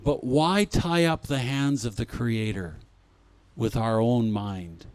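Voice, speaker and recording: A man giving a spiritual talk at a conference, speaking gently and reflectively and often repeating his phrases. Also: medium pitch, slow pace, no room sound.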